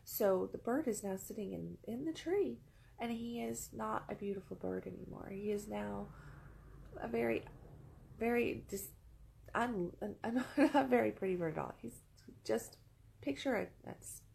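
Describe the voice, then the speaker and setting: A woman talks to camera in a loose, rambling storytelling style, circling back and repeating words for weight. Her voice carries a gravelly fry, and a faint hiss sits underneath. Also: medium pitch, normal speed, darkish tone, low-quality recording. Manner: rambling, repeats phrases for emphasis. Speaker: vlogger. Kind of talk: casual storytelling monologue. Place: indoors among pillows.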